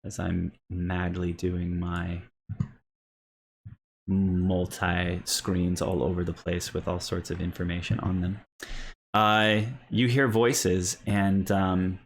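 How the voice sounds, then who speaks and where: A man's voice: low-pitched, a little hiss or hum. A man narrating a tabletop role-playing game as game master, rambling with many ums and restarts.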